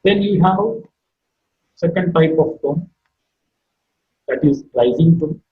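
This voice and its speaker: A man gives a recorded online phonetics lecture, talking deliberately and repeating key terms as he explains each point. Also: on the high side. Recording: echoey room, dull lo-fi sound.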